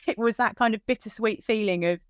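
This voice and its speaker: A woman's voice: on the high side, normal speed, clean tone, no room sound, studio quality. Woman retelling an emotional story. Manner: animated retelling with quoted dialogue, voice lifting when moved. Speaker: dog owner telling her story.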